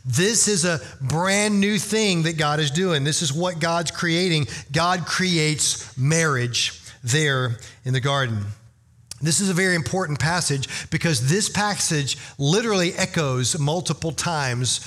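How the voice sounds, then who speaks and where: Bright-voiced man preaching a sermon. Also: a little high, measured pace. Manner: conversational storytelling, animated and emphatic. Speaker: pastor.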